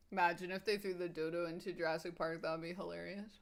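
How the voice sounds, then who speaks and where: A woman with a voice pitched a little low chats loosely with her viewers during a live stream. She talks in an eager, rambling way, filling gaps with "like" and "um" and laughing easily. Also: fairly even intonation, a little fast. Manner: rambling, filler-heavy with frequent "like" and "um". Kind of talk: casual live-stream chat answering viewers.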